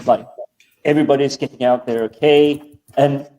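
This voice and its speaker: A man talks in a casual podcast chat with a dark, mellow voice, rambling and often repeating words as he searches for names. He sits well back from his online call mic, so his voice sounds distant. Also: medium pitch, steady tone, moderate pace.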